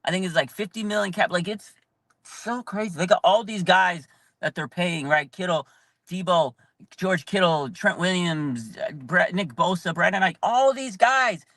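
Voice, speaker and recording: Hyped man with a high, bright voice. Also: moderate pace, no echo. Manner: hyped, animated, shouting bursts, frequent "like". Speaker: fan channel host. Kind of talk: excited live fan commentary.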